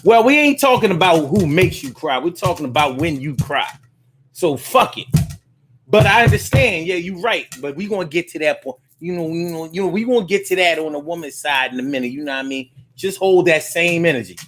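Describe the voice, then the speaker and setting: A man's voice: a little high, lively intonation, fairly quick, noisy background. A man hosting a casual livestream and reading viewer comments aloud. He talks in a loose, profane way, often repeating himself and using fillers.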